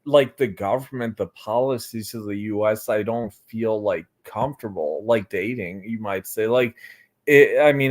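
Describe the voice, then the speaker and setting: Hesitant young man rambling with fillers. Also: fairly low pitch. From United States. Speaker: guest. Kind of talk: casual livestream interview. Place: Florida.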